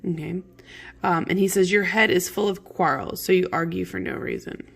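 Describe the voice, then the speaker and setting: A woman teacher with a lowish, gravelly, husky voice reads a play aloud to her class at a moderate pace. She explains the lines in plain modern language, chatting freely with lots of fillers and "okays" in a casual read-along lesson.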